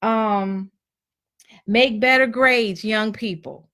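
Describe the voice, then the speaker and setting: A woman's voice: a little high, very slow, a bit bright. A woman giving a blunt, preachy motivational talk to women, acting out the complaints she hears from people. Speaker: motivational speaker.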